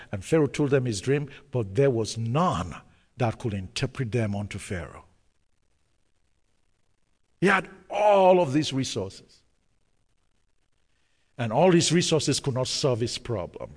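A pastor preaching a sermon, reading scripture aloud and retelling it with dramatic pauses and sudden bursts of emphasis. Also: male voice, mid-range voice, long reverb tail.

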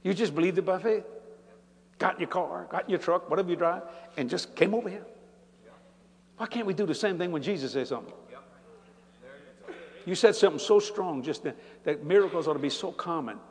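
Older male preacher, high voice, hall reverb. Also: fairly quick, long pauses, a little hiss or hum. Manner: animated, building to shouts, folksy humor. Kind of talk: sermon. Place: large church.

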